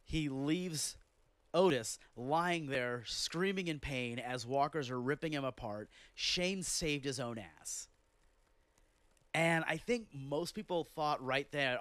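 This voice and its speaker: A man's voice: fairly high pitch, slow, fairly bright tone, no room sound. A man hosting a podcast, ranting in a blunt, exasperated way and swearing freely as he talks about a TV show. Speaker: podcast host. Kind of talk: casual rant. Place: home living room.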